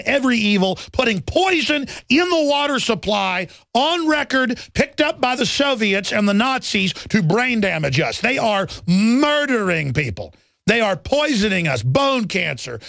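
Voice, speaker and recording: A man's voice: high voice, gravelly, a bit bright, no room sound. A man hosting a radio talk show, ranting intensely about the government and taking calls.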